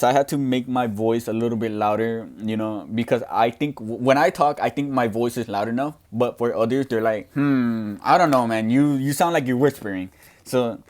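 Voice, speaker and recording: A young deaf man speaking loudly and earnestly in a casual question-and-answer talk, with frequent restarts. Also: mid-range voice. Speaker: student podcaster answering questions.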